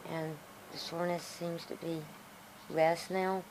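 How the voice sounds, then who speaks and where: Out in her yard, a vlogger rambles to her camera, talking to herself in frustration because a sore tooth hurts. She speaks a little slowly in a fairly low-pitched, level voice, against a noisy background.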